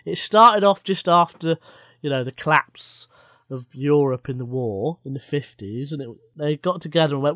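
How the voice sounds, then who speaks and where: A man's voice: on the high side, expressive, moderate pace, fairly bright tone, dry recording. Chatty man, dry close sound. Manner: playful, chatty, laughs often. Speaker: podcast co-host. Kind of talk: casual comedic chat.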